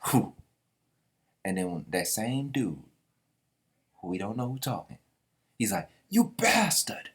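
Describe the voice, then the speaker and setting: A man with a rather low voice reads through a manga chapter and reacts in a slangy, casual way. His pitch swings widely as he talks, but his pace stays slow and unhurried. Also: expressive, husky. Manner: slangy, reads the characters' lines out loud in voices.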